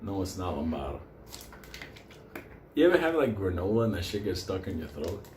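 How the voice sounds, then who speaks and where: Man, casual storyteller, swears a lot, laughs between lines, somewhat low voice, roomy echo. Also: very animated, normal speed, a little mellow. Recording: roomy with faint background noise.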